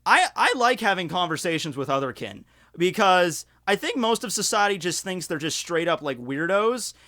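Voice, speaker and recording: A man telling a story on his vlog in a rambling, profane, animated way. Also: high-pitched, moderate pace.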